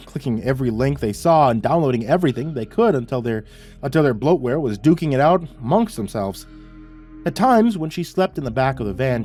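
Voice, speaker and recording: A man reading a horror story aloud as a narrator, in a wry, measured manner. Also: mid-range voice, mellow.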